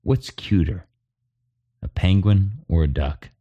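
A man's voice: low-pitched, expressive, slow, slightly rough, lo-fi sound. A man co-hosting a podcast, bantering in a dry, mock-defensive way. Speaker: podcast co-host. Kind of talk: comedic banter.

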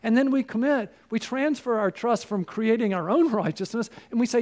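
A man's voice: very high-pitched, normal speed, darkish tone. A man preaching a sermon as pastor, in an earnest, repetitive cadence with direct appeals to the listener.

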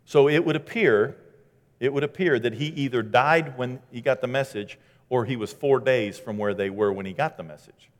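A man preaching a sermon in a conversational, animated way, acting out scripture quotes as he goes. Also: mid-range voice, moderate pace. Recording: long hall reverb.

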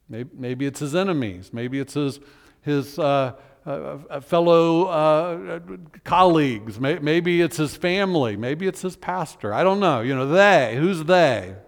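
A male pastor giving a conversational sermon, slowing down to read scripture aloud. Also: a little high. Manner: conversational preaching, reads scripture aloud slowly. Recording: long reverb of a large hall.

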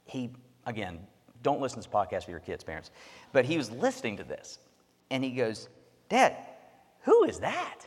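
A man's voice: medium pitch, animated, a little fast, slightly rough, big-room sound. A man in his thirties preaching a sermon as pastor, earnest and conversational, with asides to the congregation.

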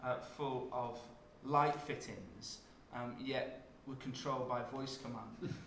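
A man preaching a sermon, dropping to a hush and rising to loud emphasis as he tells the story. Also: mid-range voice, fairly even intonation, takes it slowly, vocal fry, reverberant, a little hiss or hum. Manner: dramatic shifts from hushed to loud when acting out scenes.

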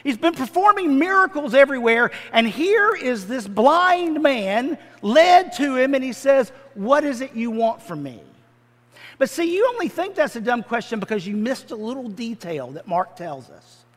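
A man's voice: extremely high pitch, sing-song, moderate pace, hardly any pauses, fairly bright tone, in a large hall. A male pastor preaching a sermon in a church sanctuary, in a conversational, humorous storytelling manner full of modern comparisons.

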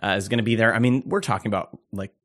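A man co-hosting a casual chat podcast, eager and rambling, with lots of fillers and quick laughs. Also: fairly low pitch, a bit bright. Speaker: podcast co-host and pastor.

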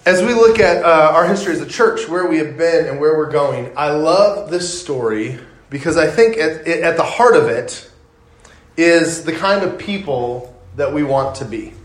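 Male pastor, high voice, animated sermon storytelling that acts out the characters, echoey room. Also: moderate pace.

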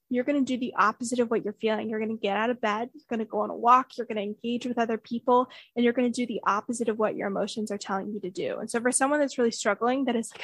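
Earnest woman, higher pitch, casual explainer with fillers, dry close recording. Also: steady tone, fairly quick, no echo. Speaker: guest sharing therapy experience.

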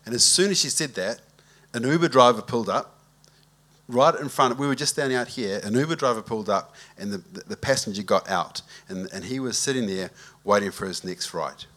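Speaking a little fast at medium pitch, a male pastor delivers a sermon that feels like conversation. He eases through a story and asks his congregation to raise their hands.

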